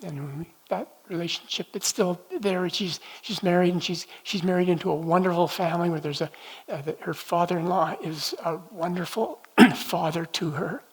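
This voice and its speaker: A man leading a church prophetic training night, telling personal stories in a gentle, conversational way with halting restarts. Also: high voice, fairly even intonation, husky, low-quality recording. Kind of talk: teaching talk with personal storytelling. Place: church meeting room.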